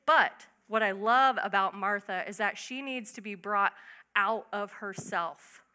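A young woman giving a casual, chatty Bible teaching, acting out quick asides. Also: medium pitch, bright, forceful tone, clean tone. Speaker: bible study speaker.

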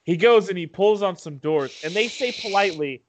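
A man in casual storytelling chat, animated, laughing often and acting out quotes with plenty of swearing. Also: high voice, fairly quick, slight background noise.

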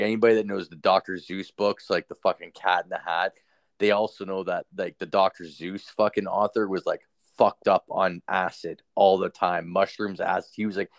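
A man with a deep, low-pitched voice tells a long story in casual, rambling fashion, swearing often and circling back on himself. He sounds young, and the recording is dry and close, with no room sound around him. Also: dry recording. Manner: rambling, heavy swearing, filler-laden. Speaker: podcast host.

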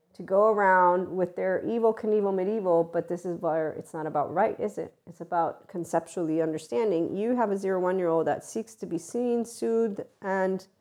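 A woman's voice: lowish voice, a little mellow. A woman hosting her channel in a casual, unscripted monologue, blunt and profane, rambling with restarts and mocking the people she talks about. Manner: mocking, acting out voices of others. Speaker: channel host.

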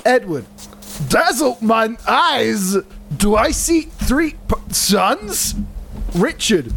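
A man putting on a hammy Scottish ogre-style voice to read old verse for laughs, drawn out and booming. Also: sing-song, slight background noise. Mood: bombastic. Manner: drawn-out, booming theatrical delivery. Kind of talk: comedic dramatic reading.

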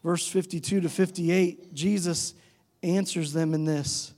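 High-voiced preacher in a reverberant hall. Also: male voice, fairly even intonation, unhurried, darkish tone. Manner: conversational, asks the congregation questions; acts out quoted voices with shifting pitch. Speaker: pastor. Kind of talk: sermon.

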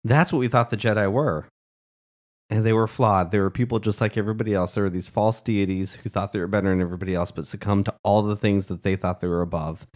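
A man with a somewhat low voice co-hosts a podcast in relaxed conversation. He speaks earnestly and with real passion. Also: fast talker. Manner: earnest and impassioned. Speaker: podcast co-host. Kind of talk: casual podcast chat.

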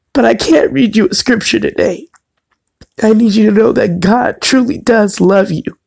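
A woman's voice: a little high, vocal fry, a little mellow, husky. A woman radio host giving a fervent on-air devotional message, tearful and on the verge of crying, repeating her phrases as she preaches.

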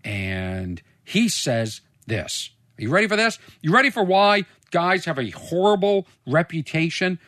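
A man in casual commentary, reacting to a reality show clip, animated and incredulous, sometimes putting on mocking impressions. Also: on the high side, a little slow, few pauses, dry recording, studio quality.

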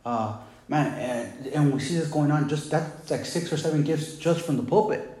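A man's voice: a little high, normal speed, dark tone, roomy sound, low-quality recording. A male pastor preaching a sermon in a casual, conversational way, often saying "man" and "right?".

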